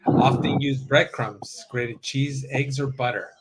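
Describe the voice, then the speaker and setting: A man in a casual chat who reads things aloud slowly and jokes along. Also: mid-range voice, steady tone, very noisy.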